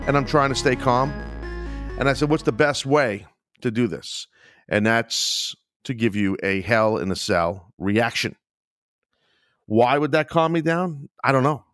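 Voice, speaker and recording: A man's voice: medium pitch, lively intonation, measured pace, a bit bright, no echo, faint music behind. A man hosting his own podcast, talking in a frustrated, agitated way, swearing and sighing often. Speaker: podcast host. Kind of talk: casual solo podcast rant.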